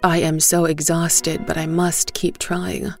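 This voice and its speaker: A woman tells a first-person story in a measured, gentle reading voice. Her pace is very slow and her voice has a gravelly fry, pitched on the low side. Faint violin music plays underneath. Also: flat delivery.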